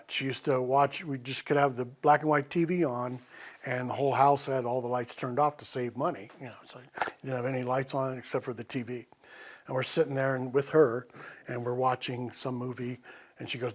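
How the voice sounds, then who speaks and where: A man's voice: medium pitch, steady tone, normal speed. A man telling holiday stories and reading poetry aloud, reflective and rambling, with restarts. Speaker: storyteller. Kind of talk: live storytelling and poetry reading.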